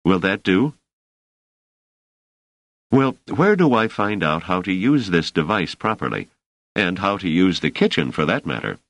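Man voicing a dry, sarcastic scholar type, very deep but bouncy pitch, no room sound. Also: big pitch swings, unhurried, pauses often, a bit bright, no echo, full character voice. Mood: exasperated. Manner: dryly ironic, exasperated. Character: wry, impatient scholarly man, a stranger.

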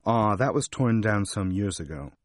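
A man's voice: on the low side, animated, moderate pace, no room sound, studio quality, lightly acted. A man voicing a stiffly elocuted female shop supervisor with affected, over-precise diction. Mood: haughty.

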